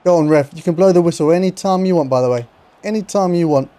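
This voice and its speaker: A young man giving excited live commentary over a football video game, swinging between shouts and low muttering. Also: fast talker. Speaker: gaming YouTuber.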